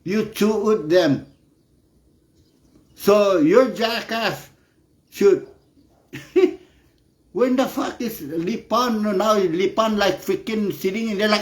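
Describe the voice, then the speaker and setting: A man's voice: high-pitched, slow pace, long pauses. Angry ranting man, profane and heated. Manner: profane, heated, repeats "no" as filler. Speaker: political commentator. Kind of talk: angry political rant. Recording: echoey room.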